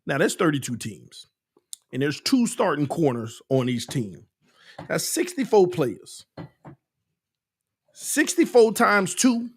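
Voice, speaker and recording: A man hosting a casual sports fan livestream, ranting and repeating himself with bursts of laughter and shouting. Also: on the high side, sing-song, slow pace, long pauses, husky, no echo, studio quality. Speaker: sports channel host.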